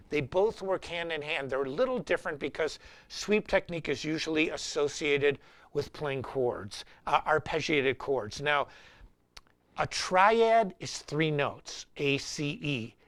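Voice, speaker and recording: A middle-aged man hosting a live-streamed guitar lesson and talking in an animated, rambling, anecdotal way. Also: on the high side. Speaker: guitar teacher and show host.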